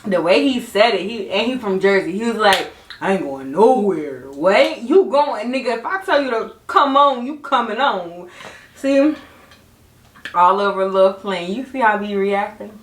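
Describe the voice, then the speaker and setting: A young woman, hosting a podcast and telling a story in casual chat, animated and laughing, her voice jumping high and low. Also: moderate pace, distant mic. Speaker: podcast host. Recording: echoey room, voice off mic.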